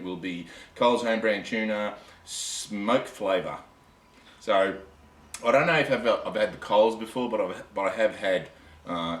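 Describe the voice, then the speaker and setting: A man's voice: sits low, a bit bright. A tired man with an Australian accent chatting casually to camera, rambling and cutting himself off. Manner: rambling, self-interrupting, chatty. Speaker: camping vlogger. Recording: echoey and distant with faint ambient noise.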